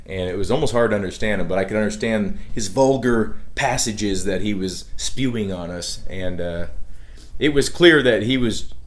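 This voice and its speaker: A man vlogging casually, telling a story in a rambling way with many filler words and swearing. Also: fairly low pitch. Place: outdoors at a shooting area.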